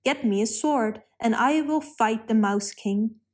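Lady doing a noble little nutcracker soldier, gentle but rallying, slow and steady. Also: fairly high pitch. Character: brave toy Nutcracker soldier, noble and kind.

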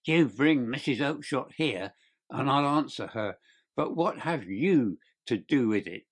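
A blustering, short-tempered market salesman who barks and shouts in a raised, rougher voice, as an audiobook reader puts him on. His tone turns harder and unlike the reader's usual timbre. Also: medium pitch, normal speed. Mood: angry. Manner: shouting, fierce. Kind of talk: audiobook character reading.

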